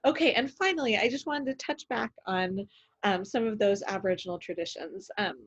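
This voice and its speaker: A woman's voice: medium pitch, fairly quick, breathy edge, lo-fi sound. A woman interviewing a guest, encouraging her and laughing often. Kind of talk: casual interview.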